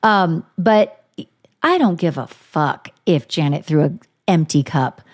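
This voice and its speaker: A woman's voice: sits low, takes it slowly. A woman in her forties co-hosting a casual chat show, talking bluntly and profanely, telling stories with lots of energy. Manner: blunt, profane, animated storytelling. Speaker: podcast co-host.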